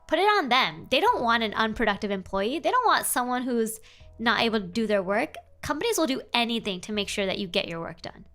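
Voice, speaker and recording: A young adult woman streaming casual advice chat, animated and playful, jumping up in pitch for emphasis. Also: a little fast, soft background music. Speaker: vtuber streamer giving advice.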